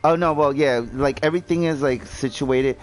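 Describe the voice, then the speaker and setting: A man's voice: mid-range voice, moderate pace. A young man chatting casually while gaming, rambling with lots of fillers and swearing freely. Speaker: gaming video host.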